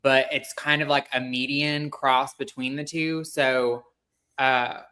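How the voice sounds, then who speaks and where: Bright-voiced, emphatic podcast co-host man. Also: mid-range voice, flat delivery, takes it slowly. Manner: emphatic, opinionated. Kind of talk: casual recap chat.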